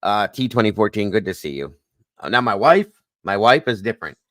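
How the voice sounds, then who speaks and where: A man hosts a casual live stream and tells his stories with animation and a bit of mild swearing. His voice sits low but comes across bright and forceful. The sound is dry and close. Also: fairly quick, no echo. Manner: animated storytelling, swears lightly.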